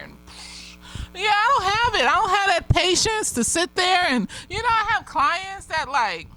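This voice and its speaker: Tipsy therapist lady chatting about a tv ep, swears a lot, giggles, bright bouncy voice. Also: extremely high pitch, unhurried, faint music behind. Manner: profane, giggly, animated storytelling. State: slightly tipsy. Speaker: therapist reviewing a TV episode. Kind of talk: casual, tipsy review vlog.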